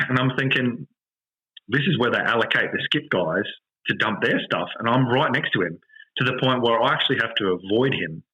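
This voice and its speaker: An Australian man hosting a podcast, telling a story in an animated, exasperated rant with lots of swearing. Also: medium pitch, moderate pace, husky, dull audio. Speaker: podcast host. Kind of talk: casual storytelling chat.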